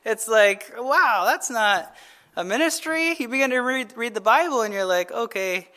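Speaking at a moderate pace in a very high-pitched voice, this male pastor retells scripture casually and with animation during a conversational Bible teaching. He often checks in with listeners by asking "right?"

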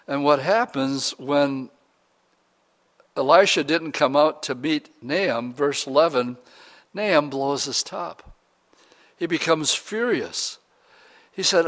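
Casual, fairly high-voiced male preacher. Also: measured pace, pauses often, fairly bright tone. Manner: casual storytelling with slang. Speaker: pastor. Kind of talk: sermon, retelling a Bible story.

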